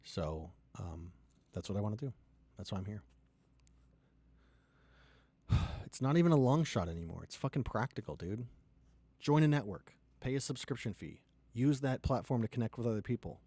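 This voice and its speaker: A startup founder ranting and pitching with heavy swearing, swinging from loud outbursts to low, quiet lines. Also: male voice, animated, normal speed, pauses often, breathy edge, no room sound. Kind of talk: impassioned profane rant and pitch.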